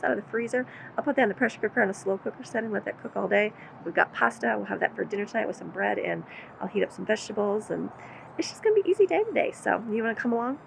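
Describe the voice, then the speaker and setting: Chatting and rambling about her day at home, partly from her deck, a vlogger who homeschools her kids switches to a high voice when she talks to her pets. Her voice is gravelly. The low-quality recording carries a little hiss or hum.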